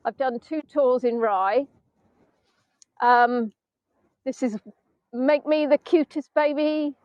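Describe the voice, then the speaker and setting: A woman's voice: high-pitched, slow, a little mellow, no echo. Chatty middle-aged woman tour guide outdoors. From England. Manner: chatty, self-mocking, breaks into snatches of song. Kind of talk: casual live-stream chat. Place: outdoors in sand dunes by the sea. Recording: dull, dry phone-stream audio.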